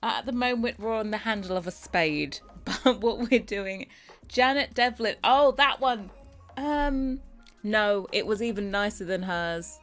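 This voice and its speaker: A tired, yawning British woman who makes Sims custom content chats casually with her live stream as she works, rambling, giggling and muttering to herself. Her voice is medium-pitched, measured in pace and fairly bright, with soft music playing in the background.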